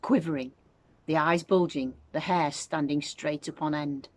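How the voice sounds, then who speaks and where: A woman teacher reading a children's book aloud with expressive storytelling. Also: sits low, unhurried, no echo. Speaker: infant school teacher.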